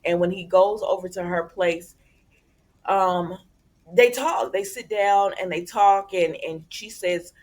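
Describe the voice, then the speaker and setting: A woman's voice: fairly low pitch, takes it slowly, a little mellow. A woman hosting a casual soap opera recap, chatting to her viewers and retelling each scene by acting out the characters' lines. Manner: chatty, conversational, addresses viewers as y'all.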